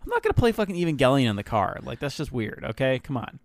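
A man co-hosting an anime podcast, joking loudly and swearing in casual banter. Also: mid-range voice, very animated, fast talker, vocal fry, no echo. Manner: loud, jokey, swears a lot. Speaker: podcast co-host.

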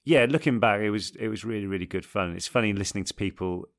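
A man's voice: lowish voice, fast talker, a bit bright. An English man in his thirties, an actor guest chatting casually and at length in an interview, laughing often.

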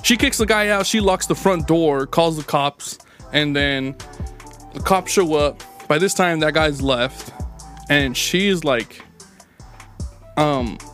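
A man on the high side, with a fairly bright tone, co-hosts a casual podcast. His storytelling chat is rambling and profane, thick with fillers.

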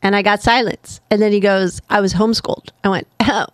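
A middle-aged woman co-hosting a casual podcast, chiming in with quick, agreeable interjections. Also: mid-range voice, fairly even intonation, smooth, dry recording. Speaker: podcast co-host. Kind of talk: casual chat.

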